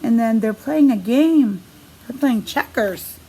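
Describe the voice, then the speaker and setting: A preschool teacher woman reads a picture book aloud, her high voice swooping up and down in a lively sing-song. She takes her time over each page and stops to quiz the children. A faint hum of room noise sits behind her. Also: slow pace. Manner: animated, sing-song storybook delivery with questions to the kids.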